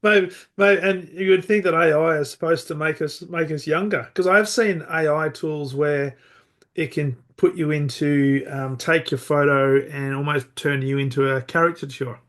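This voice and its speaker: A man's voice: a little high, fairly even intonation, normal speed, a bit bright. A middle-aged Australian man hosting a podcast interview, friendly and chatty, calling people "mate" and laughing easily. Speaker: podcast host.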